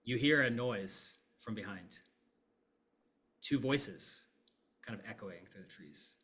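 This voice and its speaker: A man's voice: fairly low pitch, takes it slowly. A man narrating as game master of a tabletop game, easygoing with lots of ums. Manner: relaxed, filler-heavy narration. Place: streaming setup, live online.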